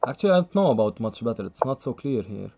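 A man's voice: mid-range voice, sing-song, fast talker, vocal fry, warm tone, muffled recording. Chatty man commentating a chess stream. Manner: chatty, laughs often, thinks aloud with many fillers. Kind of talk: live stream commentary, reading chat.

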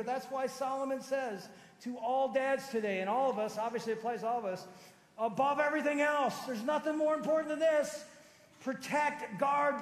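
A man in his fifties, a pastor preaching a sermon in a conversational, animated storytelling manner. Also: very high voice. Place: large church auditorium. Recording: echoey church hall with long reverb.

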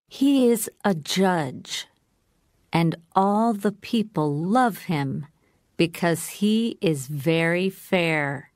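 Very slow, clear woman narrator. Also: fairly low pitch, expressive, darkish tone, no room sound, studio quality. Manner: very slow, clear, measured reading. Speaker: storyteller for English learners. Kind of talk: scripted narration for beginners.

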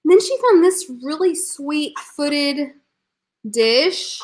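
A woman's voice: high-pitched, expressive, slow, reverberant. A woman co-hosting a live vintage reselling stream, chatting casually as she shows thrift finds. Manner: chatty, showing items. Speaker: co-host of a live reselling show.

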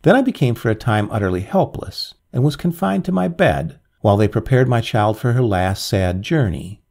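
A man voicing a heartbroken older father who tells of his dead daughter in a halting, pleading way. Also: medium pitch, animated, vocal fry, darkish tone. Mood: grieving.

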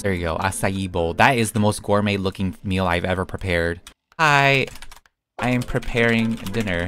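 A young man giving playful, chatty gameplay commentary, talking to himself as he plays and giggling often. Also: deep voice. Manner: chatty and giggly, talks to himself while playing. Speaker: gaming YouTuber.

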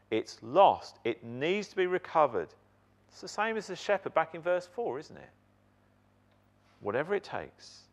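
A man preaching a sermon in a church, emphatic and animated, putting questions to the congregation. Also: fairly high pitch.

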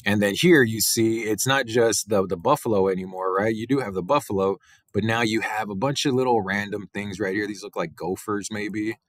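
A male teacher giving a relaxed biology lecture, talking through slides with many fillers and "right?" tags. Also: on the low side, normal speed, dry recording. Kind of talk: recorded classroom lecture.

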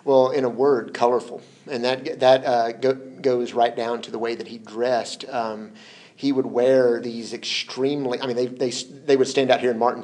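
A man as an interview guest, telling stories in a relaxed, hesitant way, repeating words and laughing often. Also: medium pitch. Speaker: interview guest, former translation collaborator. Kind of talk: relaxed conversational storytelling.

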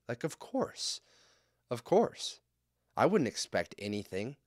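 A man's voice: mid-range voice, sing-song, slow, a little mellow, no room sound, clean studio sound. A young man co-hosting a casual podcast, reading out listener letters and ranting about them in a heated, sarcastic, heavily profane way. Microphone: studio podcast mic.

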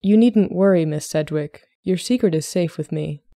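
A reserved young gentleman at a ball, as a woman reads him aloud speaks in an even, grave manner. The voice sits fairly low with a mellow, soft edge. It is recorded close and dry for a storybook reading. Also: moderate pace, no echo, natural voice. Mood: level.

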